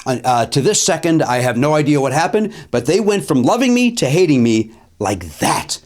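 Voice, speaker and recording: Animated middle-aged man telling a story. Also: moderate pace. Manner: animated, swings pitch up for emphasis, filler-heavy. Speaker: comedian host. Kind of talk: storytelling comedy monologue.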